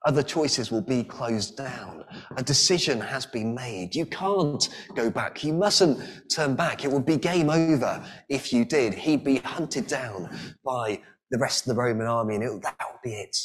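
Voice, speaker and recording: A man's voice: mid-range voice, measured pace. A man preaching a sermon in an earnest way, often restarting with repeated words.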